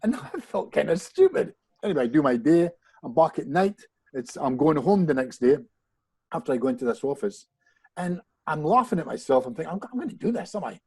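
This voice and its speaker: Brisk and a bit high, with a breathy edge, a man's voice comes through a low-quality recording without echo. He's a hypnotist on a podcast recounting something from his own life, lively in delivery, repeatedly restarting phrases and talking directly to the host.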